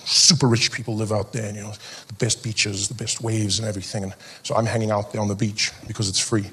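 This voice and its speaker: A man from South Africa performing a stand-up comedy set, animated and acting out other people's voices. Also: on the low side, fast talker, husky.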